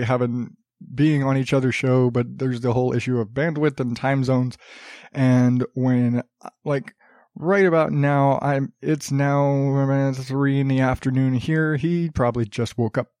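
A man's voice: medium pitch, a little mellow, dry recording, clean studio sound. A man hosting his own podcast, rambling casually with lots of fillers, restarts and swearing. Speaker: podcast host. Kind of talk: casual solo podcast chat.

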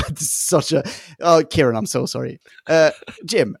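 A man's voice: fairly high pitch, unhurried, creaky, no room sound, clean studio sound. A man co-hosting a podcast, reading out listener feedback in casual chat, joking and laughing often and tripping over his words. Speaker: podcast co-host.

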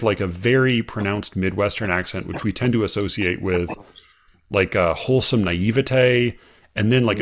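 An American man hosting a casual chat, talking haltingly with many fillers and restarts. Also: lowish voice. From United States.

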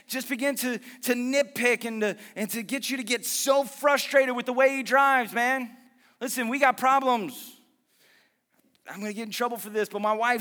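A man preaching a sermon as pastor, lively and conversational, mixing jokes and asides about his marriage into the message. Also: very high-pitched, in a large hall.

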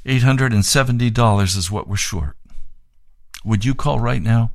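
A man's voice: medium pitch, normal speed, no echo. Fervent man preaching close and dry. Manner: fervent, pleading. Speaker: radio preacher. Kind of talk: reading aloud and fundraising appeal.

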